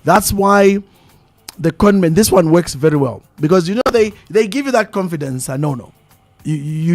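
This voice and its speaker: A Zambian man hosts a live radio talk show in a dry studio, faint music behind him. His voice sits a little high, and he tells stories in an animated way, hammering phrases home by repeating them. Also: normal speed, no echo. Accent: Zambian English. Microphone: studio microphone.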